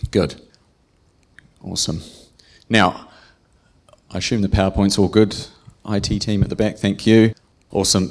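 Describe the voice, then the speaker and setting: Low-voiced New preacher, chatty. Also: male voice. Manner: joking, chatty, asks the audience questions. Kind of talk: casual sermon to a congregation. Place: church hall with congregation.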